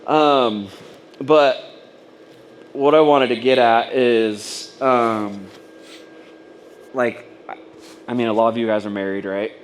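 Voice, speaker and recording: A man's voice: mid-range voice, steady tone, takes it slowly, long pauses, slight background noise. Man rambling through a personal story. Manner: rambling and casual, full of fillers and acted-out quotes. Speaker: speaker at a business training event. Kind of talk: personal story told to an audience.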